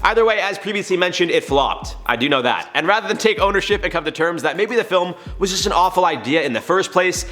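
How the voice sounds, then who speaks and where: A man delivers casual news commentary at a rapid clip, chatty and opinionated throughout. His voice sits a little higher than most men's. Faint music plays underneath. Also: expressive, bright, forceful tone. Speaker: YouTube news commentary host.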